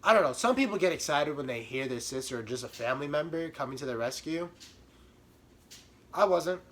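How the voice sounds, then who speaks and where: A young man telling a comic storytime about himself in an animated, self-mocking way. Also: a little high, fairly quick. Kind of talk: comedic storytime.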